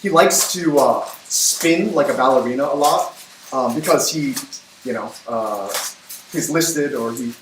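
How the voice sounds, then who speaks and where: A man hosting a cooking livestream, talking in a chatty, upbeat way with quick asides while he cooks. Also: medium pitch. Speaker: cooking show host. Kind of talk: casual cooking livestream chat. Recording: echoey room from far off, faint noise.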